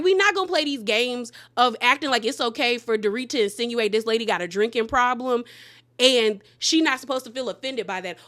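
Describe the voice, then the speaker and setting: A woman recaps reality TV gossip in a loose, animated way, full of slang and sassy asides. Her voice sits a little high and rings bright and forceful. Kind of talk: casual gossip recap commentary.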